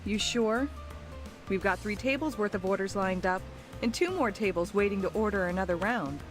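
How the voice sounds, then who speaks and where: A woman's voice: medium pitch, moderate pace, faint music behind, lightly acted. A woman voicing a dry, sarcastic female café coworker in a role-play game. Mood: plain.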